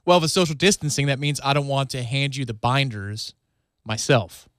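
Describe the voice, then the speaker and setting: A man co-hosting a sports radio show, chatting casually and reasoning things through in a relaxed, plain way. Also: mid-range voice, moderate pace, no room sound, clean studio sound. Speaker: radio co-host. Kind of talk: casual talk radio banter. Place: radio studio.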